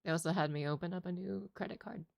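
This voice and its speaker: A woman's voice: lowish voice, fast talker, vocal fry, darkish tone, no room sound, clean studio sound. A woman content creator telling a casual story in a rambling, exasperated way, swearing often. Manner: rambling, profane, exasperated retelling.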